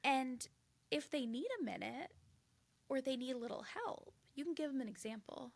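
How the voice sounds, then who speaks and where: A woman's voice: high-pitched, normal speed, vocal fry. A woman in her thirties co-hosting a podcast, chatting casually and acting out quoted voices with animation. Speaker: podcast co-host. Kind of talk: casual chat.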